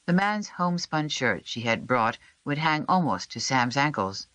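An audiobook narrator reading a historical novel in a measured, even storytelling voice. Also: medium pitch, no room sound. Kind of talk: scripted narration.

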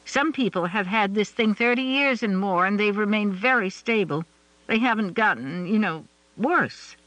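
Guy doing a chatty pushy lady cousin, high bright voice, always pressing advice. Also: expressive, normal speed, no echo, dull audio. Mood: eager. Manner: bubbly, insistent. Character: chatty eager woman cousin, pushy helper.

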